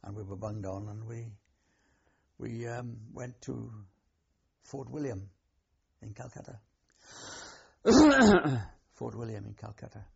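Older man, Welsh accent, husky voice, rambling halting storyteller, dull lo-fi recording. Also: mid-range voice. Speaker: interviewee, war veteran. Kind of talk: oral history reminiscence.

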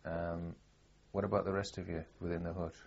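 A man's voice: sits low, flat delivery, fairly quick, slight background noise. A man interviewing for an oral history, framing his questions hesitantly with many fillers. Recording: dull lo-fi archive tape.

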